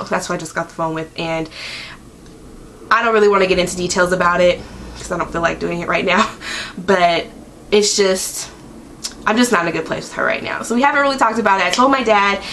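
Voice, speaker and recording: A woman's voice: mid-range voice, fairly bright tone. A young woman in her twenties talks to her camera at home in a loose, rambling vlog style. She leans heavily on "like" and "um" as she goes. A faint background hum sits under her voice. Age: 20s. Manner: chatty, rambling, lots of "like" and "um". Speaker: vlogger. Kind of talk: casual chat.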